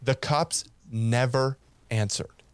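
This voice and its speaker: A man's voice: medium pitch, slow pace, clean tone, no room sound. A man with a mid-range voice spins a casual anecdote, laughing as he goes and acting out the other people's lines. The sound is close and dry, with no room around it. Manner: animated, laughs while telling, acts out quoted lines. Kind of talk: casual storytelling.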